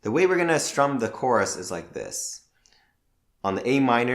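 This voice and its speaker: A man teaching a guitar lesson, calmly naming the chords and counting out strum patterns. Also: on the low side, moderate pace. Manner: calm, counts out strums plainly. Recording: roomy with loud guitar music. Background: guitar playing.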